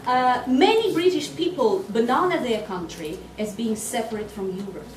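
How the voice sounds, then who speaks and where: High, lively woman giving a teaching workshop. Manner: lively, quizzes the audience with quick questions. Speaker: teacher trainer. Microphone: distant mic. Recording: echoey hall from far off, noisy.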